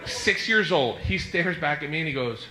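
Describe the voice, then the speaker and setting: A male comedian telling a stand-up story in a high, lively voice, giggling along as he goes. The recording is echoey, with loud ambient noise behind him. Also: normal speed.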